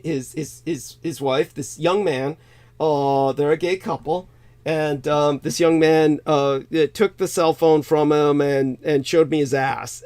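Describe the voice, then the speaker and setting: Rambling, profane man host. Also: a little high. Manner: rambling, profane, laughs often. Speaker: show host. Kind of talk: casual live-stream chat.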